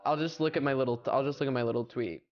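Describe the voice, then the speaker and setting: A man's voice: medium pitch, racing, lo-fi sound. A young American man chatting casually and playfully on a livestream, rambling with filler words. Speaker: streamer.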